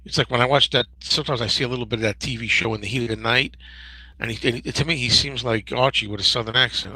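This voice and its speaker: A man in his fifties hosting a casual livestream Q&A, rambling and digressive with many restarts and a gravelly, husky voice. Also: mid-range voice, moderate pace, pushed and bright, no room sound, poor audio. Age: 50s. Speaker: host.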